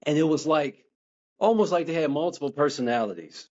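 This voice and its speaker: A man being interviewed as an author, talking in a measured, reflective way with many "you know" asides. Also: a little high, animated, darkish tone, muffled recording. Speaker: guest author.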